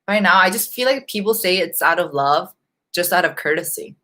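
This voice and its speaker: Her voice is fairly low yet bright and forceful, animated and fairly quick. The young woman, a beauty vlogger, runs a chatty live Q&A, laughing a lot, reading out viewer comments, and eating snacks while she speaks.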